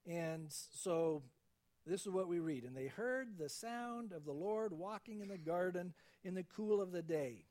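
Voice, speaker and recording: A man with a high voice delivers a sermon in a relaxed, conversational tone. He preaches as a pastor and slips into the voices of the people he quotes.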